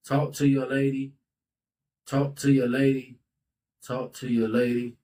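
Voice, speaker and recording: A man's voice: medium pitch, level tone, normal speed, a little mellow, distant mic, low-quality recording. A man in his thirties hosting a podcast, talking in a loose, heartfelt way and saying "bro" and "like" a lot. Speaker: podcast host. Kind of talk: casual podcast talk. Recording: voice a bit off-mic.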